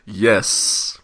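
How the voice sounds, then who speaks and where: A man co-hosting a podcast, reacting with loud laughter and profane disbelief in casual chat. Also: mid-range voice, slightly rough. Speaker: podcast co-host.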